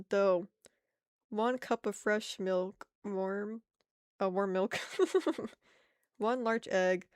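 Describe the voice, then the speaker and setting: A woman's voice: medium pitch, a little mellow, smooth, no echo, studio quality. An American woman streaming her art, chatting casually with viewers in a rambling way and laughing often. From United States.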